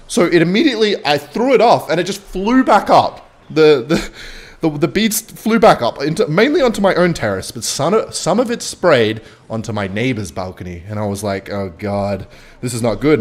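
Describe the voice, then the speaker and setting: A young man telling a rambling, self-mocking anecdote while commenting on his own gameplay, with frequent swearing. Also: medium pitch. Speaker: gaming channel host. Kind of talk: storytelling over gameplay commentary.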